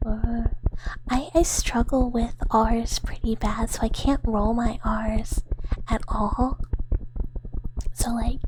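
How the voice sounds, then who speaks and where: A woman's voice: a little high, noisy background. A woman streamer in a whispered ASMR chat with her viewers, giggling often as she talks.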